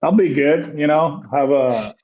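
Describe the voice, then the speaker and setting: A man's voice: fairly high pitch, a little slow, darkish tone, dull audio. A man in his forties, a baseball manager, telling rambling stories as a podcast guest, full of fillers and acted-out quotes. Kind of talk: casual storytelling interview.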